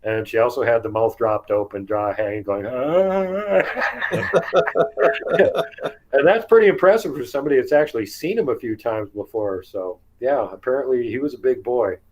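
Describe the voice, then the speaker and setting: A man telling outdoor encounter stories in a casual interview, chatty and quick to laugh. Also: mid-range voice, slight background noise, rough recording. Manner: chatty, laughs often, acts out quotes. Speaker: guest telling field encounters.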